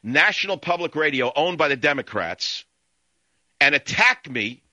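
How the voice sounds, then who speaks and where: A man's voice: on the high side, big pitch swings, normal speed, bright, forceful tone, dry recording. A man hosting a radio talk show, ranting angrily and hurling insults in a repetitive tirade.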